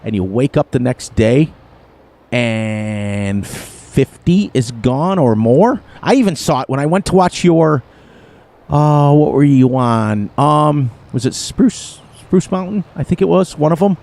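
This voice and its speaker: A man's voice: mid-range voice, lively intonation, takes it slowly, a little mellow. A middle-aged man chatting casually to his audience on a live gaming stream, rambling and chuckling as he plays. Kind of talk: casual live-stream chat while playing a farming game.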